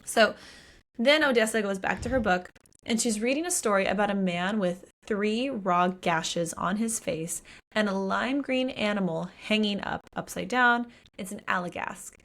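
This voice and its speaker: A woman's voice: mid-range voice, normal speed. A woman co-hosting a podcast, casually recapping a book and acting out the characters' lines with swearing and exclamations. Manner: animated retelling with voiced quotes and swearing. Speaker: podcast co-host.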